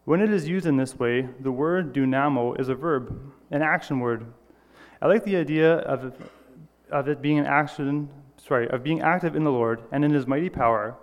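A man's voice: medium pitch, moderate pace, big-room sound. A man giving an earnest, personal sermon, reading scripture and correcting small slips as he goes. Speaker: lay preacher.

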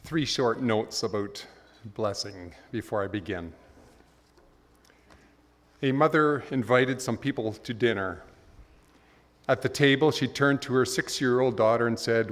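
A man's voice: mid-range voice, measured pace, long pauses, a bit bright, long reverb tail. A man preaching, opening his sermon by telling short jokes in a playful storytelling manner. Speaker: pastor.

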